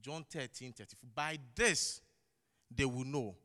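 A man's voice: mid-range voice, lively intonation, measured pace, pushed and bright. A man with a non-native English accent preaching a sermon in a church, emphatic, putting rhetorical questions to the congregation and repeating key phrases. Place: church hall. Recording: long echo of a large hall.

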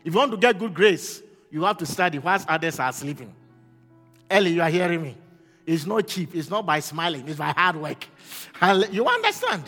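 A man preaching a fervent sermon as pastor, rising to shouts and asking the congregation questions. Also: fairly high pitch, fairly quick, in a large hall, faint music behind.

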